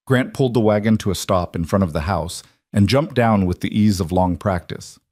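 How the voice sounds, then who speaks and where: A man narrates a frontier story with a steady, dramatic pace. His voice sits on the low side. It is recorded close and dry, with no room sound. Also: moderate pace, no echo.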